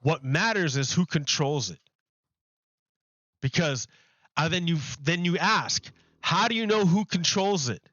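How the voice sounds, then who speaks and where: A man's voice: a little high, a little slow, long pauses, fairly bright tone, no room sound, muffled recording. A man livestreaming who talks casually to his chat, repeating and restarting phrases as he builds an argument. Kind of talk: casual live-stream talk to chat.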